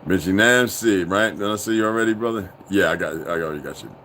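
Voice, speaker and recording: Male streamer, lowish voice, rambling profane monologue, volatile delivery, faint background hiss. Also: fast. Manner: profane, rambling, swings from low muttering to loud outbursts. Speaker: livestream host. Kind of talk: casual livestream monologue.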